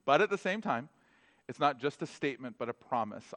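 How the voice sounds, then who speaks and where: Animated, lively-pitched male pastor. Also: brisk, no echo. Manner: animated, conversational, lots of "like", laughs at own jokes. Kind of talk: casual sermon.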